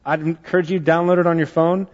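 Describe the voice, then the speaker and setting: A man preaching in a church, his fairly high voice ringing with a long reverb in a big room. The sound is a little dull, as if from a modest recording. He tells stories conversationally, with plenty of fillers. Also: level tone, quick pace. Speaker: pastor. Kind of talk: sermon.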